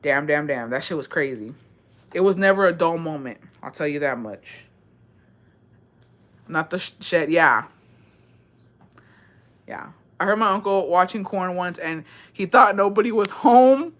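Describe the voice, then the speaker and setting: A woman's voice: on the low side, animated, measured pace, pauses often. A woman from Texas telling a rambling, profane story in casual chat and reading out viewer comments. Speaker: streamer.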